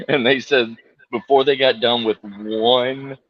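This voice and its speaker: A man co-hosts a casual live-stream chat, drawling along at an unhurried pace and breaking into laughter often. His voice is husky and the sound is dry and a little dull and muffled. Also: medium pitch, fairly even intonation, no echo. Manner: laughs often, drawn-out rambling talk. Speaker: co-host of a live survival chat show.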